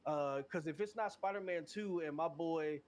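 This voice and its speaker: A man talking as a podcast guest in casual chat, animated and slangy, laughing often. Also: fairly high pitch, normal speed.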